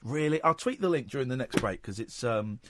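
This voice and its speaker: A man hosting a radio show in a studio, chatting casually with an animated, jokey, teasing manner. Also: mid-range voice, a little fast, noisy background. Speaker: radio host. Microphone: studio microphone.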